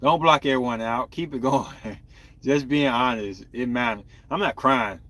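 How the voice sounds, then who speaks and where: A young podcast host talks candidly and loosely with his viewers in a casual, rambling live-stream chat. His medium-pitched voice is unhurried and fairly bright.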